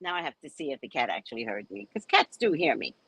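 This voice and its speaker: A woman's voice: sits low, fast talker, gravelly, husky, low-quality recording. An older woman from New Orleans with a New Orleans accent, chatting casually and telling stories animatedly to live viewers. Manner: animated storytelling with swings in voice. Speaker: host.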